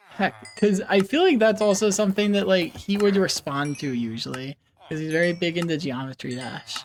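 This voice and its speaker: A streamer chatting casually while playing a game, giggling, rambling and making playful animal noises between thoughts. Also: mid-range voice. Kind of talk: casual live-stream chat while gaming.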